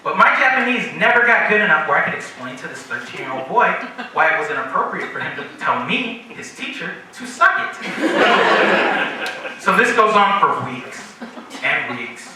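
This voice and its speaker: A young man telling a stand-up story at a comedy graduation show, animated and acting out the voices of the people in it. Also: sits high, moderate pace. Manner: animated, acts out quoted voices. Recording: very echoey room, far from mic, noisy.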